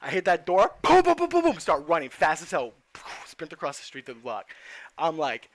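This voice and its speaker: A young man from New Jersey telling a personal story in an animated, profane way, acting out the dialogue. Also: on the high side, normal speed, dry recording. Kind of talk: casual storytelling.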